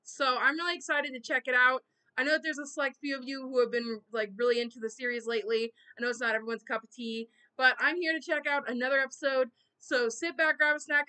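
A woman's voice: sits high, fairly even intonation, quick pace, pushed and bright, clear, resonant tone, rough recording. A young woman hosting a reaction video in a chatty way, often talking back at the screen. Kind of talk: casual reaction commentary.

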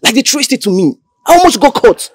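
An actor playing a fast-talking, rattled young hacker. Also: male voice, mid-range voice, no echo, lightly acted. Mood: refusing. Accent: Nigerian. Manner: agitated, refusing. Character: nervous young male hacker refusing a favor.

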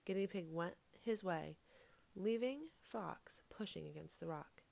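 Expressive woman telling a folk tale. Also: on the low side, measured pace, creaky. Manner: expressive, repeats phrases for rhythm. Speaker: storyteller.

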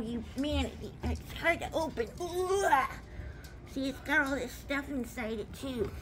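A woman's voice: high voice, a bit bright, a little hiss or hum. A woman talking playfully in a home video, chatting in a sing-song way and talking to her toys. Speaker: video maker.

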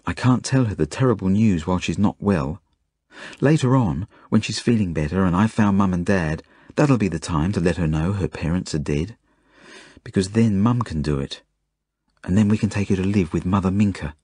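An Australian man narrates his own novel as an audiobook, in the first person. His voice is low and husky, and the delivery is plain and earnest. The sound is dry and close. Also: normal speed, darkish tone, dry recording.

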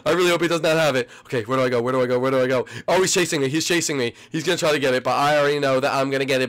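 A teenage young man giving excitable gameplay commentary to his viewers, dropping to a mumble and then bursting into yells. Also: medium pitch, very fast, few pauses. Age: late teens. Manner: excitable, swings from mumbling to yelling; addresses viewers as folks. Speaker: gaming video host.

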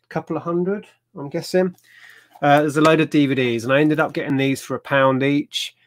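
A man's voice: fairly high pitch, steady tone, brisk, a little hiss or hum. A man chatting casually on a resale livestream, rambling and laughing often. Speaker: co-host of a resale haul livestream. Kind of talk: casual chat.

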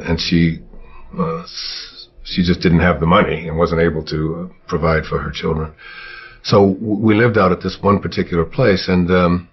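An older man from Michigan telling childhood stories in an interview, halting with many fillers and restarts. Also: sits low, husky. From Michigan, USA. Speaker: interviewee, self-help author. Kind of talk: reflective storytelling. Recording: dull lo-fi interview recording.

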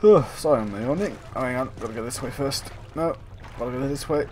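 A man's voice: medium pitch, a little fast, background noise. A man casually commentating a video game, goofing around, humming nonsense and chatting to himself. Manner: goofy, sings and mutters to himself while playing. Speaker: gameplay commentator. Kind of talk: casual let's play commentary.

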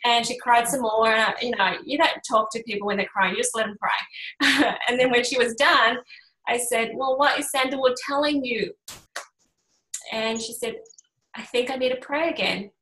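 Middle-aged woman healer telling stories, slightly high voice, roomy echo. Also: normal speed. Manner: animated storytelling, acts out quoted voices. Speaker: energy healer. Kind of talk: casual workshop chat.

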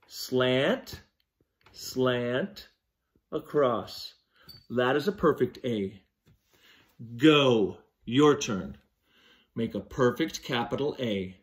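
Slow, sing-song male teacher. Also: medium pitch, animated. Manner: slow, patient, sing-song instructions to young children. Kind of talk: children's handwriting lesson.

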